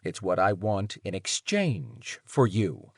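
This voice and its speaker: A man voicing a smooth-voiced, mysterious male captor who speaks with calm condescension. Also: lowish voice, no room sound, clean studio sound, voice pushed down, heavily acted. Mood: cold. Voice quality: smooth, hushed. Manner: measured, condescending.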